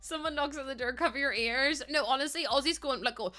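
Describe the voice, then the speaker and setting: A woman's voice: sits high, fast, few pauses, bright, forceful tone. A young woman, chatting casually and laughing with her stream chat, self-mocking and breaking into song. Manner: chatty, giggly, self-mocking, sings snatches of songs.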